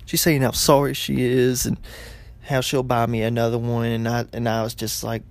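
A man's voice: mid-range voice, little pitch movement, normal speed, vocal fry. A young man telling a funny story in a rambling way, with lots of fillers and restarts. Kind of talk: casual comedic storytelling.

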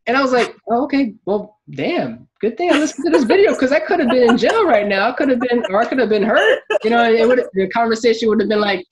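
A man telling a story in a casual chat, animated and acting out what people said. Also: high-pitched, fast talker, hardly any pauses. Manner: animated storyteller, acts out quotes, laughs while telling. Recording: dull lo-fi sound.

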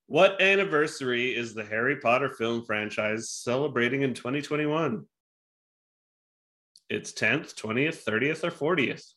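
Man, 30s, casual podcast host, bright voice, jokey, swears. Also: mid-range voice, animated, unhurried. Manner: joking, offhand, swears freely. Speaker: podcast co-host running a trivia game. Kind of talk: casual chat.

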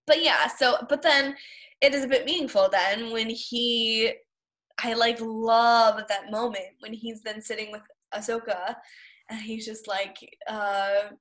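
A woman's voice: on the high side, takes it slowly, a bit bright. A woman chatting casually about a cartoon series, enthusiastic and rambling with many fillers.

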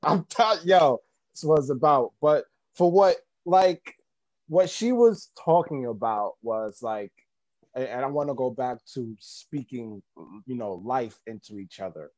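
Easygoing man speaking haltingly on a podcast. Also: medium pitch, animated, a little mellow, no room sound, muffled recording. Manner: halting, with many fillers and restarts. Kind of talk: casual podcast chat.

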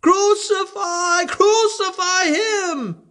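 A man voicing an angry, demanding crowd in a scripture reading, with shouted, drawn-out cries. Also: high voice, sing-song, voice pushed up, exaggerated voice.

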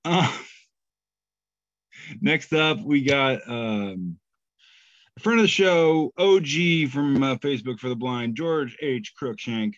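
A man's voice: medium pitch, animated, a bit bright, no room sound. A man co-hosting a comedy podcast, reading out memes with self-deprecating jokes. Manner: jokey, self-deprecating, drawn-out pauses. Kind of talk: casual podcast banter. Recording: dull lo-fi podcast mic.

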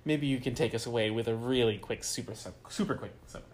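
A man co-hosting a casual podcast, leading the discussion in a measured way. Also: mid-range voice, echoey room. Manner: slow, measured, leads the discussion. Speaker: podcast co-host. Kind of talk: casual chat.

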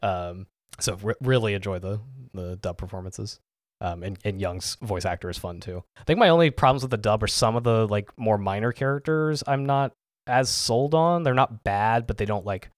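This co-host's voice sits on the low side, captured in studio quality with no room sound. He chats casually on the podcast, rambling along with plenty of "like" and "um."

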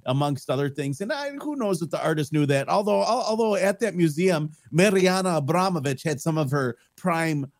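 A man's voice: fairly high pitch, lively intonation, moderate pace, few pauses, dry recording. Middle-aged guy rambling jokey stories, tosses in silly voices, dry close sound. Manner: joking, rambling storyteller with mock voices. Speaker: guest. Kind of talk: casual chat.

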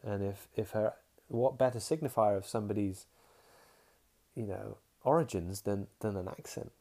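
Low gravelly-voiced man rambling frankly. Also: moderate pace, warm tone. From England. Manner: rambling, frank, trails off and restarts. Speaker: podcast host. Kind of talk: casual monologue.

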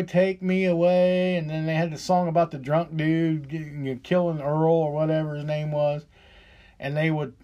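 A man's voice: fairly high pitch, darkish tone. Profane ranting man in his fifties. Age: 50s. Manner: profane, heated and sarcastic. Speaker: podcast host. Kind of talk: opinionated solo rant.

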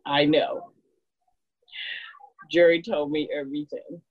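A woman's voice: sits low, little pitch movement, slow, husky, narrow, tinny audio, full character voice. A woman playing a grieving, desperate woman who sobs and pleads for her lost lover in a stage play. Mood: weary. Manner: pleading, broken, shouting out in grief. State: sobbing.

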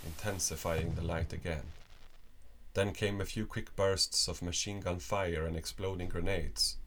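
A man reading a story aloud as narrator, in a slow, measured way. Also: low-pitched, a bit bright.

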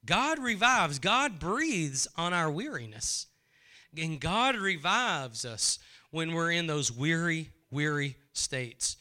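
A man preaching a sermon, often repeating his phrases and building in fervor before dropping to a hushed prayerful tone. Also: on the high side, expressive, slow. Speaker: pastor.

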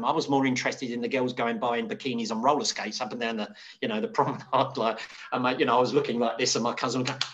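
A middle-aged man recounting his past in a loose, rambling way, full of restarts and fillers. He bursts into higher, louder voices whenever he quotes someone, then drops back to his ordinary middling tone. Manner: animated, acts out quoted voices with sudden high pitch. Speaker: hairdresser, interview guest. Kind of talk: casual storytelling.

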